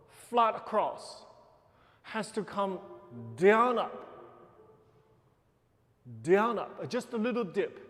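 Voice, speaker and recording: A man's voice: high-pitched, a bit bright, in a large hall. A man teaching a ballet class, counting beats and giving short corrections and praise. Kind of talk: live class instruction. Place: dance studio.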